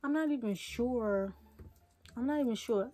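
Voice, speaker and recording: A woman's voice: a little high, unhurried, mellow, no echo. A young woman from Chicago telling a storytime in a casual, slangy vlog manner, acting out bits of dialogue. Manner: casual, slangy, acts out dialogue in raised voices. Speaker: vlogger.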